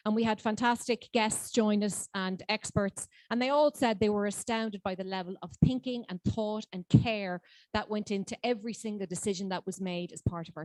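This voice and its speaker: A woman's voice: medium pitch, no room sound. A woman co-chair introducing a presentation, enthusiastic and upbeat, a little out of breath. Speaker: team project co-chair. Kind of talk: presentation speech.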